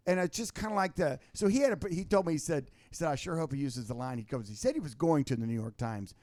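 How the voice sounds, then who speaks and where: A man, a guest on a talk show, telling stories in casual political chat, animated and full of restarts. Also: a little high, quick pace, dry recording. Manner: animated storytelling with many restarts.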